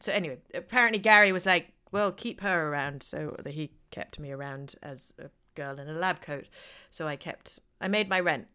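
A woman's voice: low-pitched, clean tone. A woman in her forties, an actor, chatting casually and telling stories with lots of laughter. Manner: lively, laughing storyteller. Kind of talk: casual conversation.

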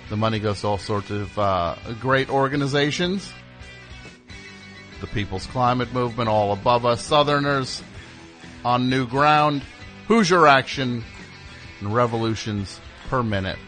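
A man's voice: on the low side, unhurried, fairly bright tone, soft background music. Sarcastic rambling radio host man. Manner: sarcastic, rambling, mocking asides. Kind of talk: casual talk radio monologue. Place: radio studio.

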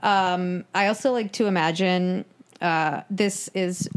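A woman co-hosting a podcast, recapping in a dry, deliberate way with pauses. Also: lowish voice, steady tone, clear, resonant tone. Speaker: podcast co-host. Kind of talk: casual chat.

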